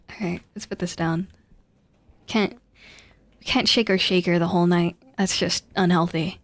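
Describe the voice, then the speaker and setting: A woman's voice: lowish voice, fairly even intonation, a little slow, long pauses. A young woman giving casual, giggly gameplay commentary with a playful, self-mocking manner. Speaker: streamer.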